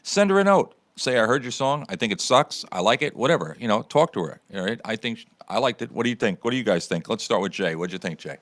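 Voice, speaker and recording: A man's voice: fairly low pitch, fast talker, hardly any pauses, dry recording. A man hosting a casual live-streamed chat show, joking and quizzing his panel. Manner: joking, lively, asks the panel questions. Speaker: show host.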